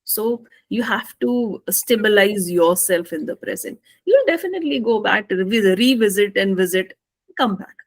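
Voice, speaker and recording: A woman's voice: medium pitch, expressive, moderate pace, dry recording. Female podcast host, polite and deferential, dry close recording. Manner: polite, deferential, addresses guest as sir. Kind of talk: conversational hosting.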